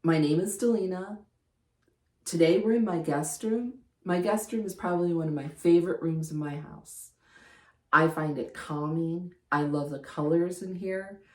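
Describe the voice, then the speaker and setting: An older woman with a low voice tells homey decorating stories from her guest room, chatty and anecdotal. The room is echoey around her voice. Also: a little mellow. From Michigan, USA. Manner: chatty, anecdotal, laughs while telling stories. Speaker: home decor vlogger. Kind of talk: casual storytelling while showing a room.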